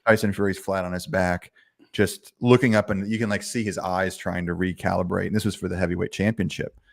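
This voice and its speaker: A man hosting a podcast, telling a rambling, animated story in casual chat. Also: low-pitched, brisk, gravelly, dry recording, clean studio sound. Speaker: podcast host.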